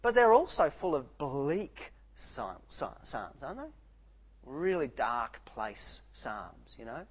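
A man preaching a sermon, swinging between soft, quiet lines and loud, animated outbursts. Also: mid-range voice, takes it slowly, slightly rough, rough recording.

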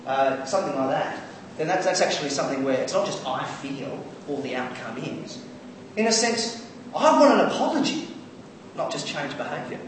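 Animated male preacher in an echoey hall. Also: a little high, normal speed, a little hiss or hum. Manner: animated, acts out quoted voices, many fillers and restarts. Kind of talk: sermon. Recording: echoey hall, far from the mic.

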